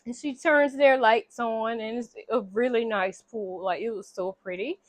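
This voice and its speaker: Woman vlogger, high voice, casual slangy recap with acted-out quotes, dry close sound. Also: moderate pace, dry recording. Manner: animated, slangy, acts out characters' lines.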